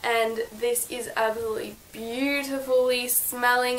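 A woman's voice: a little high, fairly even intonation, measured pace, few pauses, slight background noise, rough recording. Bubbly young woman gushing on camera. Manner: gushing, chatty, many fillers and likes. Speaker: vlogger. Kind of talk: casual birthday haul vlog. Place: her bedroom.

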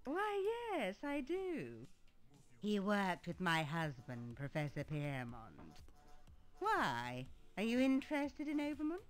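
A woman's voice: mid-range voice, wildly swooping pitch, slow pace. An actress voicing a haughty older society lady in an adventure game, with a condescending manner and faint game music behind. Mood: fussy. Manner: snobbish, condescending.

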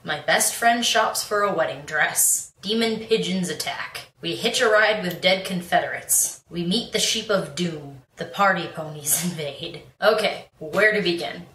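A young woman with a lowish, fairly bright voice chats casually in her book review vlog, speaking a little slowly with hardly any pauses. She is bubbly and rambling, restarting and laughing a lot. She sits away from the mic in an echoey room, with a little hiss or hum.

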